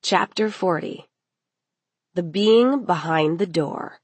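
Woman reading a dark novel, slow and husky, lowish, dry close sound. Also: dry recording. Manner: slow, measured, dramatic reading. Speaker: audiobook narrator. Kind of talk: scripted dramatic narration.

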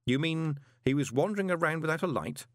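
A man's voice: a little high, animated, fairly quick, a bit bright, no room sound, studio quality, pitched above the performer's own voice. A man voicing a theatrical, easily panicked young male conman. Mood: wary. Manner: screaming, theatrical.

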